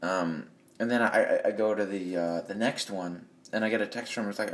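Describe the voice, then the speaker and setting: A man's voice: lowish voice, a little fast, a little hiss or hum. A man delivering a blunt, profane, rambling rant. He talks into a phone in an echoey room. His speech wanders from point to point without letting up. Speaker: vlogger. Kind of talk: ranting monologue.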